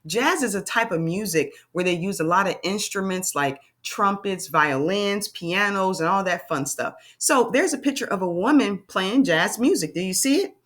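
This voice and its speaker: A woman teaching a phonics lesson to young children, sounding out letters slowly and asking encouraging questions. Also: medium pitch, animated, a bit bright.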